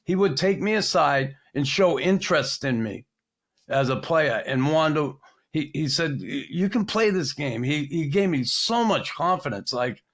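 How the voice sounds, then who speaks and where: A man hosting a podcast, talking bluntly and casually with mild slang while he asks a guest questions. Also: on the high side. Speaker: podcast host. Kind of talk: casual interview chat.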